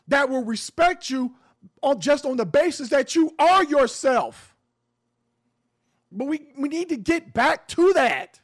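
A man's voice: extremely high pitch, gravelly. A man who hosts a radio show, giving passionate social commentary in an emphatic, preachy way and swearing freely. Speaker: radio show host, guest on a podcast.

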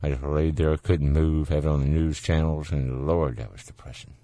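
A man's voice: very deep voice, steady tone, normal speed, mellow, dry recording. A man with a Southern US accent hosting a call-in radio show, folksy and joking in a casual studio chat. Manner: folksy, joking, laughs easily. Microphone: studio microphone.

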